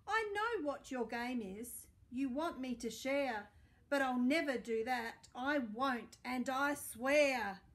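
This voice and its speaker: A woman voicing a greedy, selfish male pug dog who grumbles loudly and possessively in a storybook. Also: high-pitched, animated, slow pace, full character voice. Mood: greedy, bossy.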